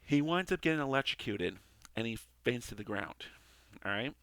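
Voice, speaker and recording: A man's voice: medium pitch, expressive, normal speed, a bit bright, no room sound. A man casually reviewing a TV episode, rambling with many restarts and tag questions. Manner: rambling, repeats "okay" and "all right". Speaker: TV show reviewer. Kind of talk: casual commentary.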